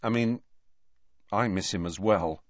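A man's voice: lowish voice, a little slow, dry recording, close to an everyday voice. A man voicing an awkward, earnest teenage boy in an audiobook reading. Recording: dull dry audiobook recording.

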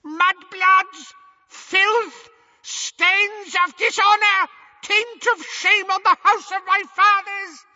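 A man's voice: very high voice, fairly even intonation, slow pace, pushed and bright, no room sound, muffled recording, pitched above the performer's own voice, full character voice. A man voicing a hateful old woman in a portrait who shrieks insults in an audiobook. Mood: screaming rage.

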